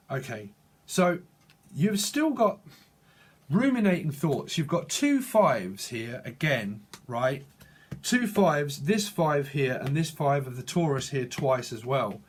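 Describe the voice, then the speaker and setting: A man giving a channeled psychic tarot reading, halting and restarting often as he speaks to the viewer. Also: fairly high pitch. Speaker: tarot reader.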